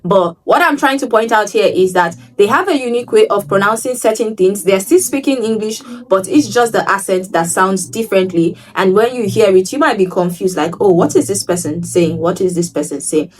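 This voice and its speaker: A woman from Nigeria telling stories to her travel vlog viewers, animated, often repeating words for emphasis. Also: mid-range voice, far from the mic. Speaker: travel vlogger. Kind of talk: casual vlog storytelling.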